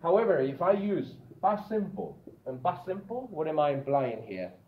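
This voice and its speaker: A man teaching an English grammar lesson. He explains slowly, repeats and stresses key words one at a time, and keeps checking that the listener follows. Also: fairly high pitch, very animated, roomy sound, narrow, tinny audio.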